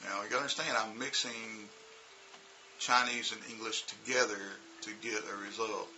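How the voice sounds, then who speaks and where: A man's voice: fairly low pitch, steady tone, normal speed, bright, forceful tone, a little hiss or hum. A man, an English teacher, telling a casual, rambling story full of "you know" and "uh". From United States.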